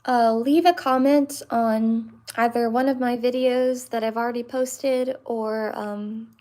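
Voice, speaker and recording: A woman in her twenties hosting a livestream, chatting with viewers and answering them with many pauses and fillers. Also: on the high side, vocal fry, a little mellow. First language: English. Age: 20s. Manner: hesitant, many fillers and restarts. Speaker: livestream host.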